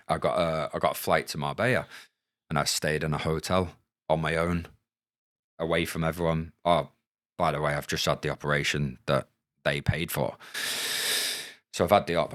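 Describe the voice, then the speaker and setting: A man in his thirties speaks in an extremely deep, low voice. He tells his story in a frank, casual way and swears freely. The recording is close and dry, with no room sound. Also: fairly bright tone, no echo. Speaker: podcast guest, former footballer. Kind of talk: candid storytelling.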